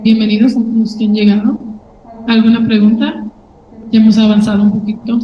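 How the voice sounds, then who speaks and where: A lively woman with a Dominican accent coaching a workshop on pitching, her voice sitting a little high. She sounds echoey, picked up in a room with noise underneath. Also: fast talker, muffled recording. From Dominican Republic. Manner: lively, coaching, mixes in Spanish asides. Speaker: workshop instructor. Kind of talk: lecture on pitching.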